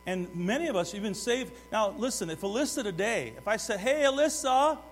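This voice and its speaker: A middle-aged male pastor preaching with a somewhat high voice, rising to loud, urgent appeals and dropping into quiet asides. He keeps putting direct questions to his congregation. The sound carries a long hall reverb over a faint mains hum. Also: animated, brisk. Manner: swings between loud urgent exhortation and hushed asides. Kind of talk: sermon.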